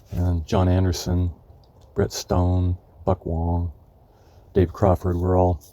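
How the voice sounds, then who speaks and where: Man, 70s, from California. Unhurried, halting memoir narration in a slightly low voice. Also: dark tone. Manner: rambling and halting, searching for names.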